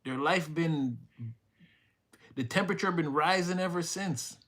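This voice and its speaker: A man's voice: on the high side, a little slow, a bit bright. A young man giving a live-streamed tarot reading, rambling and emotional, swearing casually as he talks to his chat. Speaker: tarot reader.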